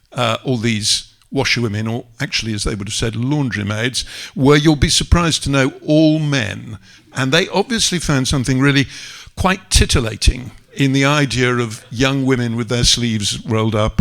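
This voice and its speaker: A man giving a wry, measured talk on stage with slides, pausing often to find his words. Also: mid-range voice, a bit bright. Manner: wry and measured, with frequent hesitations. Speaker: guest speaker at a public talk. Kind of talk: lecture with slides. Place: live event venue.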